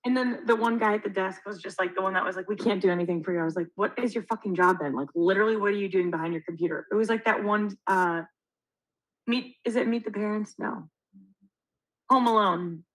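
A woman's voice: mid-range voice, brisk, poor audio. A young woman co-hosting a podcast, telling a story in casual chat, acting out quotes and swearing freely. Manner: animated, acts out quotes, swears. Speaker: podcast co-host.

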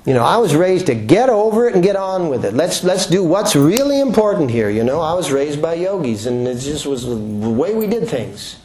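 A man giving a relaxed, joking talk to a room full of people at the start of a yoga class, often checking in with rhetorical questions. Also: fairly high pitch, moderate pace, hardly any pauses. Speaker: yoga teacher.

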